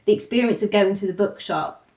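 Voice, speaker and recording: A woman's voice: medium pitch, a little fast, darkish tone, rough recording. A woman from Chester co-hosting a podcast from her own home, chatting loosely and often stopping to restart her sentences. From Chester, England. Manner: rambling, many fillers and restarts. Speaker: podcast co-host. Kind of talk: casual chat.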